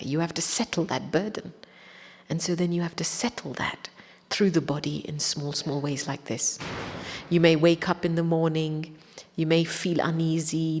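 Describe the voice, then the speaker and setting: A woman giving a spiritual talk, recalling a personal story in a reflective, gentle way. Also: low-pitched, in a large hall. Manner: reflective, gentle anecdotal telling. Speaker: spiritual speaker.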